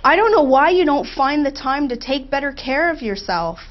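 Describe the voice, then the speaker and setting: A woman's voice: high voice, lively intonation, normal speed, lo-fi sound. A woman voicing her own nagging inner critic. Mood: scolding. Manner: scolding, repetitive, belittling.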